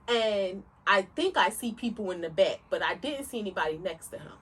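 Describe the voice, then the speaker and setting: A woman co-hosting a podcast, telling a story in an animated, emphatic way and speaking straight to listeners. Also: medium pitch, fairly quick, hardly any pauses, breathy edge, far from the mic. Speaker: podcast co-host. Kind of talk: casual storytelling chat.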